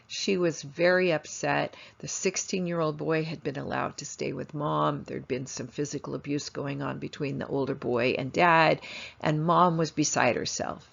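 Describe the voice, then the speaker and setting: A woman's voice: deep voice, moderate pace, creaky. A woman instructor telling stories in a lecture, acting out quoted voices as she goes. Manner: animated, acts out quoted voices in her stories. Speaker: family therapist and instructor. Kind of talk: storytelling lecture. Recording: dull lo-fi recording.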